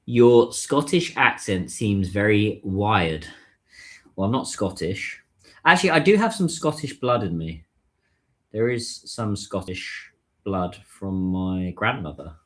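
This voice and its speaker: A man talks casually on a livestream, with a slightly low-pitched voice. He muses to himself and answers viewers' comments as he waits in a taxi queue, recorded on a phone. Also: lively intonation, slow, fairly bright tone. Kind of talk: casual live-stream chat.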